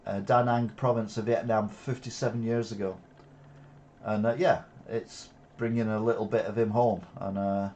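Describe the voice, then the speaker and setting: A man reads news headlines and adds sarcastic, opinionated comments, pausing often with "uh". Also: mid-range voice, a little mellow. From England. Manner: sarcastic asides, frequent "uh" hesitations.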